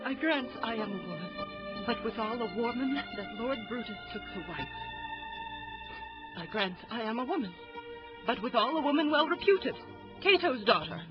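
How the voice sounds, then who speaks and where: A woman's voice: fairly high pitch, natural voice. A woman playing an impassioned Roman noblewoman. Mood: pleading. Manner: earnest, impassioned verse delivery. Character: noble Roman wife, pleading and fearful. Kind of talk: Shakespeare audio drama. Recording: dull lo-fi audio under music.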